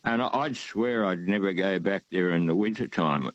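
A man's voice: sits low, moderate pace, no echo, lo-fi sound. An older man, calling in to a radio talk show and rambling with many fillers and hesitations. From Australia. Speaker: radio caller. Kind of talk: casual phone-in chat.

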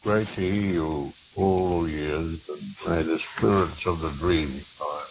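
An older man calling in to a radio show, speaking slowly and haltingly with gentle blessings. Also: deep voice. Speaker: caller. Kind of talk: phone-in call. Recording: phone line with faint hiss.

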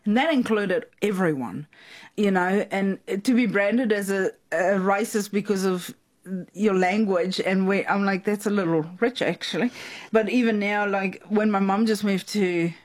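South African woman telling lively stories. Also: mid-range voice, measured pace. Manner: animated, laughs often, acts out quotes. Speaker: guest. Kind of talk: conversational storytelling.

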